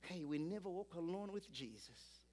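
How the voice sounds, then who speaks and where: High-voiced man preaching a sermon. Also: lively intonation, moderate pace, a little mellow. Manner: emphatic, repetitive build-ups, urges congregation to repeat.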